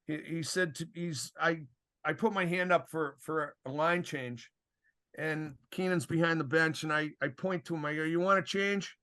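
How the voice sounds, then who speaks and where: Here the retired referee speaks at a moderate pace with a slightly high voice. Chatting on a casual podcast, he spins lively tales, plays out the dialogue he quotes, and keeps chuckling.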